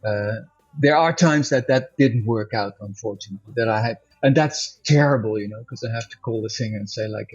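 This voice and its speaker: A man's voice: fairly low pitch, a little fast, slightly rough. A man talking casually in an interview as a musician guest, rambling and correcting himself, laughing often. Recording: dull lo-fi audio with faint music.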